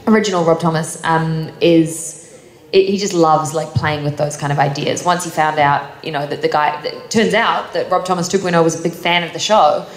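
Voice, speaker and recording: Young New Zealand woman on a convention panel, chatty, a little low-pitched, in a boomy hall with faint noise. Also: steady tone, normal speed. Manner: chatty, laughs often, many fillers. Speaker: actor answering fan questions.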